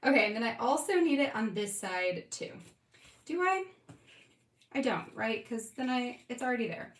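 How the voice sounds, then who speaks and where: A woman's voice: a little high, big pitch swings, normal speed. Chatty woman crafting live, roomy sound. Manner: chatty, giggly, talks to viewers by name. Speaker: scrapbooking livestream host. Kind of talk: casual live crafting chat. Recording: roomy, from a distance.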